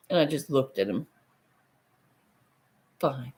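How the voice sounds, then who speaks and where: A middle-aged woman chats slowly and loosely into her phone during a livestream. Her voice sits fairly low, and she drifts between thoughts, swearing offhandedly and breaking into laughs. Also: fairly bright tone. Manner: rambling, swears casually, laughs often. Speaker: livestream host. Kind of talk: casual livestream chat.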